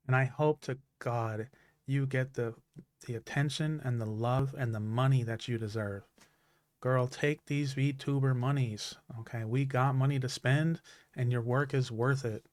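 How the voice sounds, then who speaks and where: A man's steady, mid-range voice wavers into a slight rasp as he gives a heartfelt thank-you speech on his live stream. He halts repeatedly, with fillers and restarts throughout. No room sound can be heard.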